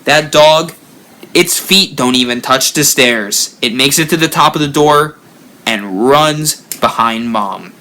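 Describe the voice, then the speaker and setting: Slow bright-voiced male storyteller. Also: mid-range voice. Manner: animated storyteller, rising and dropping for effect. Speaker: haunt builder channel host. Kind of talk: live-streamed spooky story.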